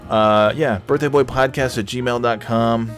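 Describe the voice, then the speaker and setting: A man's voice: medium pitch, fairly even intonation, a little slow, a bit bright, soft background music. Jokey man signing off a podcast. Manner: loose, jokey, rambling with filler. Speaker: podcast host. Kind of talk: casual podcast sign-off.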